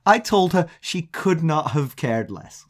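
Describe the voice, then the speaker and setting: A man with an English accent, co-hosting a podcast and telling a long anecdote in casual chat. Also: measured pace. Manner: chatty storyteller, animated pitch, mimics accents in quotes. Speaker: podcast co-host.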